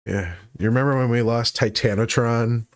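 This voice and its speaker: A man's voice: mid-range voice, steady tone, moderate pace, dry recording, studio quality. A man co-hosting a casual reaction chat, joking and sarcastic, swearing freely. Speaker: co-host reacting to a trailer.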